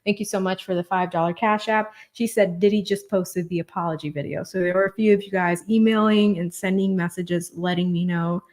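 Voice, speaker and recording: A woman's voice: on the low side, steady tone, fairly quick, few pauses, a little mellow. A woman hosting a livestream, chatting casually, thanking donors and laughing often. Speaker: livestream host.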